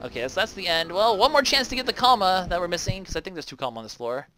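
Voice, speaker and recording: A man's voice: high-pitched, sing-song, fast, bright, forceful tone. A young man rambling casually as he comments on a video game he plays. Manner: rambling, chatty, often trails off. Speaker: let's play commentator. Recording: faint game music behind the voice.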